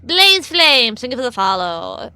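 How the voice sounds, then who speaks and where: A woman's voice: on the high side, very animated, measured pace, sharp tone, clear, resonant tone, no echo, clean studio sound. A woman streamer chatting casually, rambling and stammering with frequent laughs. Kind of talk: casual live-stream chat.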